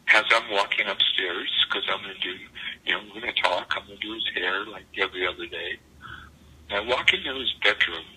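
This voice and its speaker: A man's voice: lowish voice, pushed and bright, breathy edge, poor audio. An older man recounting vivid memories as an interview guest, acting out the dialogue he quotes. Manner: vivid storyteller who acts out quoted dialogue.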